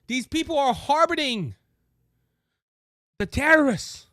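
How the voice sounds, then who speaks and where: Cajun male political host, heated rant, bright sharp high voice, dry studio sound. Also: lively intonation, unhurried, pauses often, no room sound. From Louisiana. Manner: impassioned, raises voice, repeats words as he restarts. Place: studio with a monitor.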